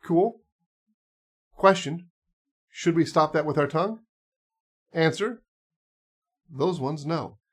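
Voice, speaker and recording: A man's voice: fairly high pitch, slow pace, long pauses, slightly rough. A man teaching clarinet, talking casually and explaining step by step with small asides and fillers. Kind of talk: casual instructional talk.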